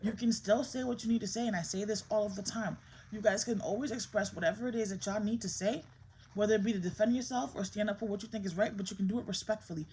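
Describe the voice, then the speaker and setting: A woman's voice: mid-range voice, fast, a little mellow, rough recording. A woman in her thirties talks straight to the camera in a candid home vlog. Her delivery is stern and emphatic, and she sounds emotionally strained. A faint hum of household ambience sits behind her voice. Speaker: mother and vlogger.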